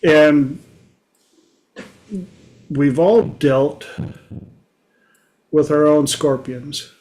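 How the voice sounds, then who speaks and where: A man hosting his own talk show, telling stories in a folksy, unhurried way. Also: a little high, fairly even intonation, a little mellow. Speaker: podcast host. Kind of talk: casual monologue.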